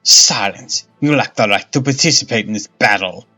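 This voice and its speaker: A man's voice: on the low side, normal speed, bright, forceful tone, soft background music. A man voicing a vengeful, hate-filled young witch who speaks harshly and gives commands, reading game dialogue aloud. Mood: scornful. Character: vengeful young woman, a witch full of hatred.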